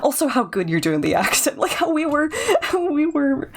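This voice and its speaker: A woman's voice: high-pitched, sing-song, moderate pace. A woman streamer in casual chat, laughing often as she talks. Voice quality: laughs often between phrases.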